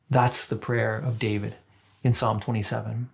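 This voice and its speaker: A man's voice: lowish voice, flat delivery, moderate pace, gravelly. A man preaching a sermon in a reflective, conversational way, often turning to the listeners with asides. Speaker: pastor.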